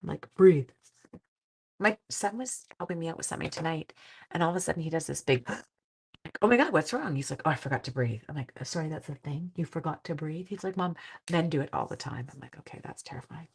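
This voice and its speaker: A middle-aged woman talks casually through a crafting demo at her desk. Her voice sits low with a gravelly fry. She jokes about herself and drifts into quiet mutters as she concentrates. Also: fast talker. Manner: chatty, self-deprecating, drops to quiet mutters while working. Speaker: craft livestream host.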